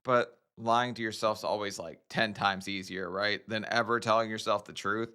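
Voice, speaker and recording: A man's voice: on the low side, steady tone, normal speed, sharp tone, smooth. A man hosting a reaction video, talking in a blunt, chatty way with lots of fillers. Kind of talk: casual commentary.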